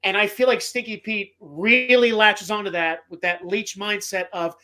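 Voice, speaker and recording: A man's voice: high voice, fairly even intonation, normal speed, few pauses, bright, forceful tone. A man hosting a movie podcast, talking casually in a rambling, heartfelt way and swearing often. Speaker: podcast host.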